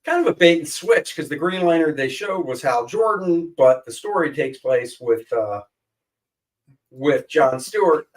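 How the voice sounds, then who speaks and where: A man's voice: a little high, expressive, measured pace, far from the mic, low-quality recording. Joking man, a bit away from the mic. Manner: jokey, rambling, flips voices for quotes. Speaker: co-host. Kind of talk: casual chat.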